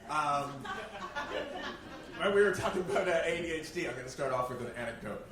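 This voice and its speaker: Guy doing stand-up, high voice that jumps all over, echoey club, sounds a bit off-mic, crowd laughing. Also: a little fast. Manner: animated, self-mocking, swears freely. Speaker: stand-up comic. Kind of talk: stand-up comedy set. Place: comedy club stage. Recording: roomy live-club sound, mic heard from a distance. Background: audience laughter.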